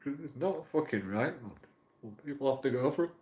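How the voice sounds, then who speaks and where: A YouTube auditor vlogger, male, rambles emotionally through a monologue for his channel, cursing and repeating himself. His mid-range voice has lively intonation and a dark tone at a normal speed. The recording carries a roomy echo.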